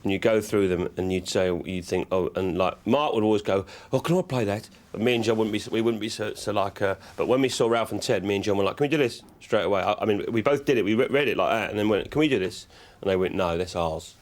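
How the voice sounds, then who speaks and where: A man, a comedy actor, telling an animated anecdote in a documentary interview. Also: lowish voice. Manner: quick, animated storytelling.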